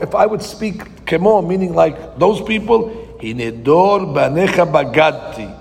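A man giving a verse-by-verse Torah class, reading Hebrew lines slowly, then translating and explaining them with rhetorical questions. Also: a little high, lively intonation, gravelly. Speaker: Torah teacher. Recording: long hall reverb.

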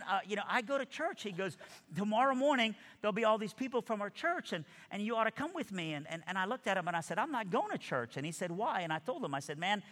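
Man, fairly high bright voice, animated storyteller, reverberant hall. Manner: animated storyteller acting out dialogue. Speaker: speaker giving his testimony. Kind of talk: storytelling testimony.

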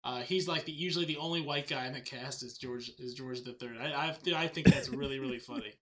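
A man's voice: mid-range voice, brisk, bright, forceful tone. A man co-hosting a podcast in casual chat, joking and laughing often. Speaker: podcast co-host.

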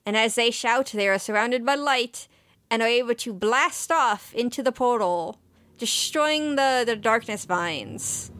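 A woman's voice: on the high side, animated, a little slow, fairly bright tone, no echo. A woman co-hosting a casual podcast, recapping an anime episode in a chatty, emotional way with lots of fillers. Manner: chatty and emotional, with many fillers and quoted lines. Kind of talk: casual chat.

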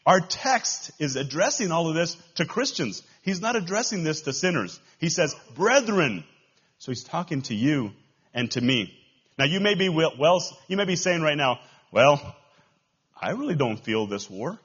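A man with a Texan accent preaching a sermon as pastor, swinging between loud rises and quiet drops. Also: on the high side, lively intonation, normal speed, breathy edge, muffled recording. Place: church.

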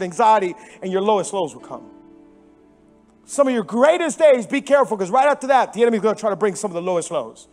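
A pastor with a strikingly high voice for a man preaches in a church, telling his story with big swings from emphatic, near-shouted lines to quiet, hushed ones. He repeats key phrases for stress, and faint music plays softly behind his mic'd voice. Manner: animated storytelling with sudden drops to hushed tones. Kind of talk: sermon. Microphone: microphone.

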